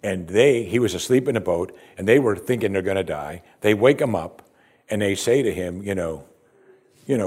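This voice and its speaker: Husky low-voiced man preaching a sermon. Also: lively intonation, moderate pace, a little mellow. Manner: expository, conversational preaching with emphatic rises. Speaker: pastor.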